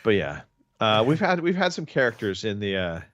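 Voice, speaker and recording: A man's voice: fairly low pitch, sing-song, fairly quick, fairly bright tone, dry recording. A man hosting a casual podcast chat, talking in long rambling stretches with many restarts. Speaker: podcast host.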